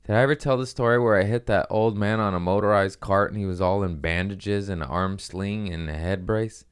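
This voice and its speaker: A man hosting a comedy podcast, telling a story in a casual, profane, animated way and jumping into quick voices. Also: on the low side, smooth.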